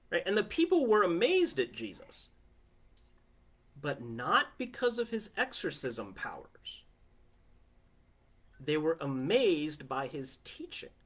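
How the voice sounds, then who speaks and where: A man's voice: a little high, fairly bright tone. A man preaching a sermon from his family living room in a conversational way, often asking listeners "right?". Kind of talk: home sermon.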